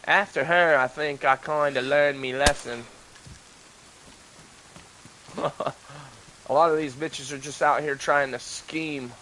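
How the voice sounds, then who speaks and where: A young American man talks loosely during a gaming livestream, rambling and cursing as he goes. His voice has a bright, forward tone. A faint background hiss sits under the recording. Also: a little high, fairly even intonation, slow pace, long pauses, low-quality recording. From United States. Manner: loose, rambling, frequent swearing. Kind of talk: casual gaming livestream chat.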